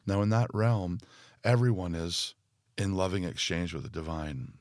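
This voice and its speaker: A man speaking as a podcast guest and spiritual teacher, thoughtful and full of fillers, growing more animated as he explains. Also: sits low, moderate pace, dry recording, studio quality. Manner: thoughtful, speaks in loose phrases with many fillers. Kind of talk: reflective podcast conversation.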